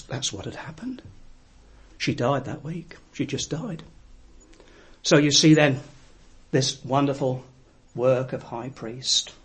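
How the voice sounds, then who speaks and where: Reflective male preacher, slightly high voice. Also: husky. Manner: earnest, reflective storytelling with frequent pauses. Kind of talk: sermon.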